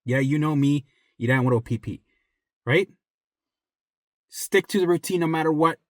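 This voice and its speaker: A man talking straight to viewers as a recovery coach, blunt and profane, repeating himself for emphasis and dropping to a soft low voice when reassuring. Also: normal speed, no echo, clean studio sound. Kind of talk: direct motivational talk to viewers.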